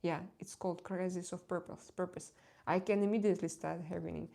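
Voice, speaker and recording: Her lowish voice is steady, brisk and mellow, with vocal fry. As a tarot reader talking casually on a live stream, she comes across as candid and confiding, laughing easily while hesitating and repeating words as she gropes for them.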